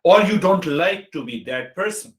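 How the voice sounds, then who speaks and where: A man giving a meditation teaching talk as a spiritual teacher, speaking deliberately and listing words one at a time. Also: sits high, animated. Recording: roomy echo.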